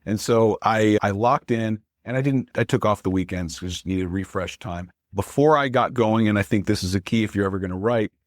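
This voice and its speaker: Man, pastor and author, interview guest, earnest, encouraging, low voice, dry sound. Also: a little fast, few pauses, no echo. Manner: earnest, encouraging, thinks aloud with restarts. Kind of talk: interview conversation.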